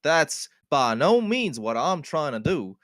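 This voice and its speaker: A man's voice: on the high side, big pitch swings, takes it slowly, a bit bright, no echo, studio quality, voice pushed up, full character voice. A man voicing a frog man in a tabletop game, overly courteous and formal, with odd grammar and a put-on accent. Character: polite, stiffly formal frog man adventurer.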